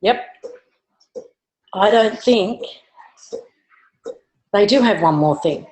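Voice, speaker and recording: A woman with a mid-pitched voice co-hosts a live online show over a video call. She talks bluntly and animatedly, and swears casually. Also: lively intonation, drawn-out words, a little mellow, low-quality recording. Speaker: podcast co-host.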